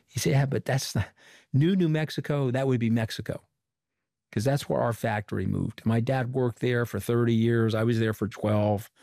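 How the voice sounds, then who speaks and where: A middle-aged man from Long Island, giving an interview as a former communications director and telling animated stories with quoted dialogue. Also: mid-range voice, moderate pace, gravelly, dry recording, studio quality. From Long Island, New York. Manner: animated storyteller who quotes people in dialogue. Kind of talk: conversational storytelling interview.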